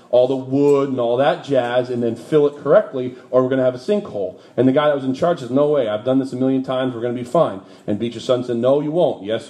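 A man preaching, telling a personal story from his early ministry with lively asides and low, quiet turns at the sad parts. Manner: lively anecdotal storytelling that drops low and quiet for emotional moments. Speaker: pastor. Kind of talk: sermon storytelling.

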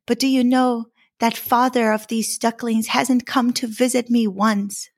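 A fretful mother duck from a storybook, anxious and protective of her young, as a woman reads her part. The voice sits a little high with a gravelly edge, close and dry. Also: little pitch movement, measured pace, dry recording.

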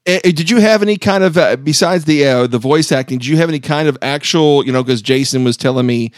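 Halting podcast host man. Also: fairly high pitch, dry recording, studio quality. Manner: halting, stumbles and repeats words. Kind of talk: casual interview chat.

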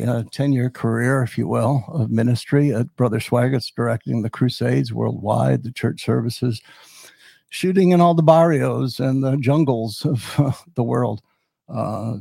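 A man's voice: medium pitch, creaky, warm tone, slightly rough, no echo. A man in his seventies, a podcast host, telling his life story in a rambling way with many fillers and restarts. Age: 70s. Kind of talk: personal storytelling.

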